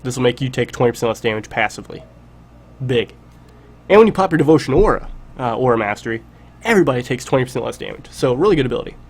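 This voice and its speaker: A man with a congested, nasal voice from a cold, casually talking through a game tutorial in a relaxed, chatty way. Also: mid-range voice, fast. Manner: relaxed, chatty, emphatic repetitions. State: congested, stuffy nasal voice from illness. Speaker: game guide creator.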